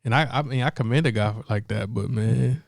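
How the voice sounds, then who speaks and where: A man's voice: medium pitch, fairly quick, vocal fry, dry recording, studio quality. A young man, a pastor co-hosting a podcast, chatting loosely about football with a laugh and many restarts. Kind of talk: casual sports chat.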